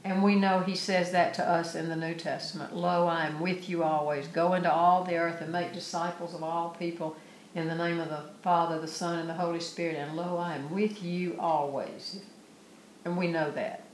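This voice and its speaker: Woman preacher, sermon delivery, lower register, reads verses aloud then explains them earnestly; echoey room recording. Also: little pitch movement, moderate pace, slight background noise. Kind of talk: sermon with scripture reading.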